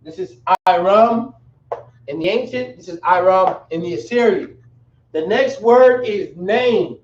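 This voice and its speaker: High-voiced man teaching in a roomy space. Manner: spells words out slowly, casual slang asides. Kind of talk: classroom language lesson. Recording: roomy, dull, from a distance.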